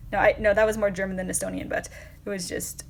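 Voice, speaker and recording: A woman's voice: medium pitch, flat delivery, fairly quick, vocal fry, a little hiss or hum. Giggly rambling woman livestreamer. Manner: rambling, many fillers and restarts, giggly. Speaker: livestream host. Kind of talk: casual livestream chat answering viewers.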